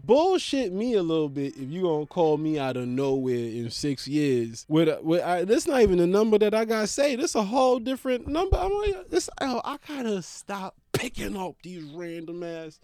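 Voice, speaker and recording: Animated man ranting, high lively pitch. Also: normal speed, dry recording. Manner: exaggerated, swings into low put-on voices for callers. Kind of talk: animated comedic rant. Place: indoors at home.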